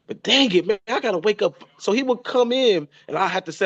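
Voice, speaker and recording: A man's voice: high-pitched, expressive, fast talker, hardly any pauses, dry recording, highs cut off. A man in his thirties paying an emotional tribute to his father, often repeating and restarting his phrases. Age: 30s. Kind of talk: heartfelt spoken tribute.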